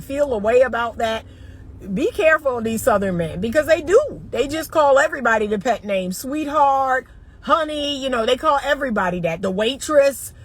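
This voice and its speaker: A middle-aged woman from the northern US gives dating advice in an emphatic, chatty way, talking straight to her audience. Her voice sits a touch high for a woman, and she leans hard on her points. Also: slightly rough. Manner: emphatic, talks straight to viewers as y'all. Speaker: dating coach. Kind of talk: casual livestream chat.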